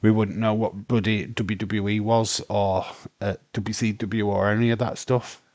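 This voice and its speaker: A man's voice: fairly low pitch, little pitch movement, normal speed, darkish tone, dry recording. A British man from the UK talking casually and bluntly as the host of a live watch-along stream, rambling with many fillers and some swearing. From United Kingdom.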